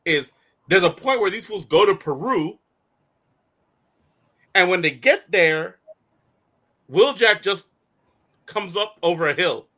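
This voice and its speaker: Male host, casual review chat, animated and slangy, slightly high voice. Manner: animated, slangy, laughs often, acts out quotes. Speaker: show host.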